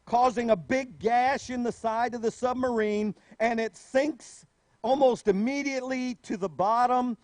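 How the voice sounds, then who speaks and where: A man preaching a sermon as a pastor, telling stories with animated asides. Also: extremely high pitch, unhurried, no echo.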